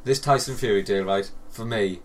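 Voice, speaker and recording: Low-voiced man in casual banter. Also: moderate pace, recorded from a distance, a little hiss or hum. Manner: swears freely, riffs with jokey asides. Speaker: podcast co-host. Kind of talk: casual chat.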